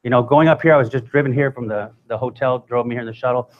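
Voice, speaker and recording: A man's voice: mid-range voice, fairly even intonation, fast, phone-quality sound, a little hiss or hum. Conversational man telling stories with jokes. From United States. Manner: conversational, joking asides. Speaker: guest speaker. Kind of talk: comic storytelling talk.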